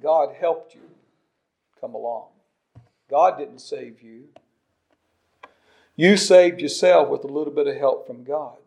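A man in his sixties preaching a sermon, emphatic, with soft asides and loud stresses. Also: a little high, takes it slowly, gravelly, pauses often. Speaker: pastor.

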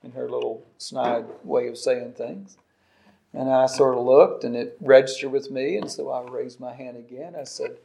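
A man in his sixties preaching a sermon, emphatic, with soft asides and loud stresses. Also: medium pitch, steady tone, normal speed, vocal fry. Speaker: pastor.

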